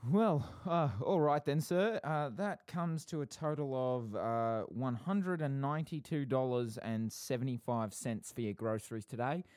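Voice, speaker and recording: A man's voice: mid-range voice, measured pace, hardly any pauses, darkish tone, no room sound, clean studio sound, lightly acted. A man playing a courteous grocery store clerk, speaking politely with small hesitations.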